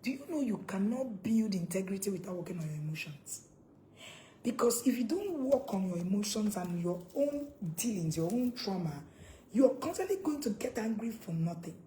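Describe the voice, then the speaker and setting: A woman's voice: mid-range voice, slight background noise, rough recording. A woman giving a preachy parenting talk to camera. She quizzes her viewers and repeats her points. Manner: preachy, asks viewers questions, repeats points, bursts into loud acted scolding. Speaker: parenting coach.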